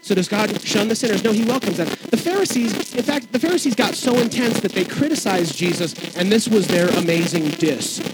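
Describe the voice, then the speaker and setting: A man pastor preaching a sermon to a congregation in a conversational, animated way, with asides and jokes. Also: high-pitched, brisk, few pauses, heavy background noise. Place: church sanctuary with congregation.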